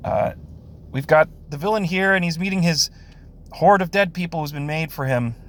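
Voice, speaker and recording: A man's voice: a little high, normal speed, fairly bright tone, a little hiss or hum. A man giving a casual spoken review of a comic book, sarcastic, with frequent sighs, short laughs and fillers.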